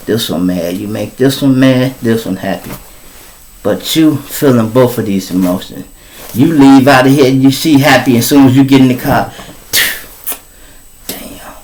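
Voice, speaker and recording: A middle-aged Chicago man tells a story from his own life in a loose, profane way. He jumps into squeaky, high voices whenever he acts out the people in the story. His everyday speaking pitch sits in the middle range. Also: rough recording. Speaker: storyteller host. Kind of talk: casual live storytelling.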